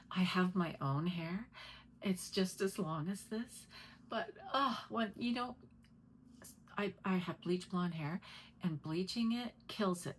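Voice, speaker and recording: A woman's voice: fairly low pitch, slight background noise, poor audio. A middle-aged woman chatting casually to camera at home, rambling and talking to her cat between stories. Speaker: vlogger.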